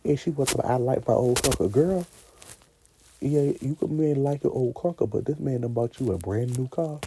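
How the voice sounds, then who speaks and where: A man in his twenties chatting casually in a vlog, animated, talking back to characters and laughing often. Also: medium pitch, moderate pace, slight background noise. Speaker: vlogger ranking favorite movies. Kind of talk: casual chat.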